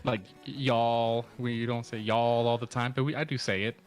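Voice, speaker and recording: A man's voice: mid-range voice, level tone, moderate pace, soft background music. Brief: male guest, curious and laid-back, laughs a lot. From Texas. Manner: curious, chuckling, easygoing. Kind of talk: casual chat.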